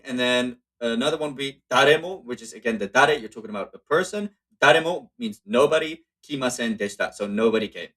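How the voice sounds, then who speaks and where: Man teaching a relaxed language lesson. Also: medium pitch. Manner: relaxed, explaining with frequent fillers and self-corrections. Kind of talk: casual spoken lesson walkthrough.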